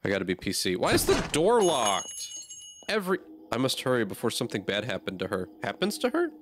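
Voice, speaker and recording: A man's voice: lowish voice, big pitch swings, a little fast, noisy background. A man playing a horror game and talking through it aloud, easily startled and swearing often. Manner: jumpy, swears a lot, reacts aloud. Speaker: gamer.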